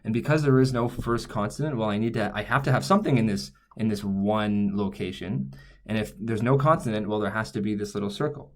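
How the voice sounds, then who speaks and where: A man's voice: lowish voice, a little fast. A man teaching a lesson, explaining step by step as he writes, often stopping to correct himself. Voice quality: thinking aloud, frequent self-corrections. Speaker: language teacher. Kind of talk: explaining while writing on screen.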